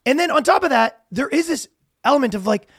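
A man's voice: very high-pitched, quick pace, no room sound, clean studio sound. A man co-hosting a podcast, chatting casually and acting out the people in his rants. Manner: animated storytelling with acted-out quotes. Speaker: podcast co-host. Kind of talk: casual comedic chat.

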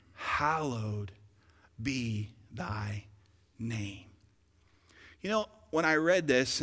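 A male pastor preaching a sermon, shifting from conversational asides to loud, emphatic calls to the congregation. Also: medium pitch, long reverb tail. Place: church sanctuary.

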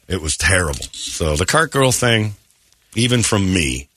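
A man's voice: low voice, sing-song, unhurried, pushed and bright, dry recording, clean studio sound. A male radio host telling a raunchy story in casual chat, laughing and acting out other people's voices.

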